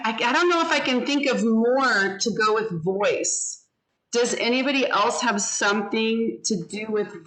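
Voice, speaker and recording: A woman teaching a class over a video call, speaking deliberately and modeling words and syllables for her students. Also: mid-range voice, a bit bright, low-quality recording.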